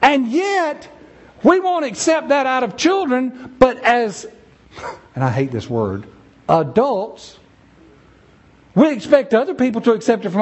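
A man preaching a sermon in a church, animated and acting out the voices of the people he quotes. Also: very high voice, unhurried, pauses often.

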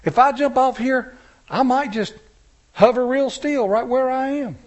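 A man's voice: very high voice, a little slow, pitched above the performer's own voice. A preacher voicing a reckless man on a ledge who calls down boastfully in a story. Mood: taunting.

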